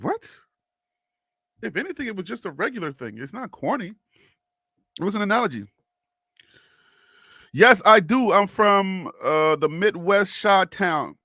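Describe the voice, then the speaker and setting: With normal speed but long pauses, the high-pitched North Carolina man keeps his casual sports livestream lively, talking directly to chat, laughing often, and repeating lines. His voice has a bright, forceful edge, recorded close and dry without any room sound.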